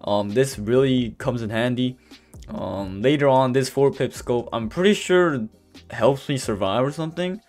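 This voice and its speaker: A man's voice: medium pitch, unhurried, a little mellow. Rambling man narrating gameplay. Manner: rambling, full of fillers and restarts; says he is stuttering and can barely speak. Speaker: gameplay commentator. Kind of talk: casual gameplay voice-over. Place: voice-over recorded apart from the footage. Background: faint background music.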